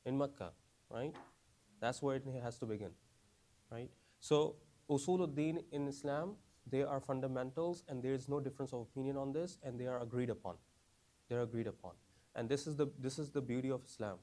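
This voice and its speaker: A man's voice: mid-range voice, brisk, dark tone. Man teaching a class, asks many questions. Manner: repeats phrases, frequent "right?" and "you understand?". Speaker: teacher of a class for new Muslims.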